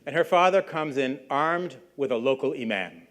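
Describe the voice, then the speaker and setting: A man's voice: a little high, lively intonation, normal speed, a bit bright, a little hiss or hum. A middle-aged man giving a public lecture, telling a story in a conversational way and briefly acting out the people he quotes. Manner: conversational, acts out quoted voices. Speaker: guest lecturer.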